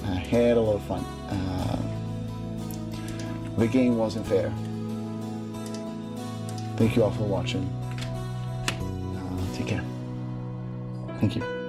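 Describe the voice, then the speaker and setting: A man's voice: fairly low pitch, steady tone, slow pace, pauses often. A young man casually chatting and joking with his live-stream chat while playing a game. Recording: loud game music behind voice.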